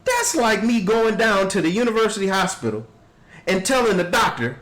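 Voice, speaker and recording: Animated man mocking a court clip. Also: high voice, moderate pace, low-quality recording. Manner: animated, mocking, acts out people in quotes. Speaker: podcast host reacting to a court video. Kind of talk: casual commentary.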